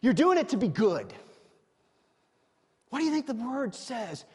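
High-voiced husky preacher man in a hall. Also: big pitch swings, unhurried. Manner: emphatic, swings from loud exclamations to quiet asides. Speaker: pastor. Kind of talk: sermon. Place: church sanctuary. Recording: long reverb of a large hall.

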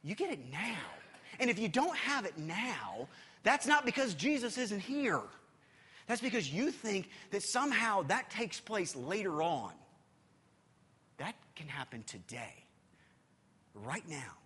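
A man preaching in a church, with a bright, husky voice that carries a long reverb through the hall. He talks emphatically and swings between loud passages and hushed ones, repeating words as he goes. His high pitch leaps around a great deal. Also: big pitch swings, unhurried. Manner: repeats words while gathering his thoughts. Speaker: pastor. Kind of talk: sermon.

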